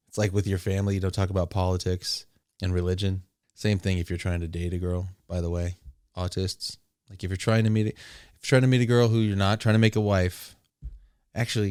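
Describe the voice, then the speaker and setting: A man's voice: deep voice, darkish tone, dry recording. A man casually telling a long story, rambling with crude asides and laughs. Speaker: streamer.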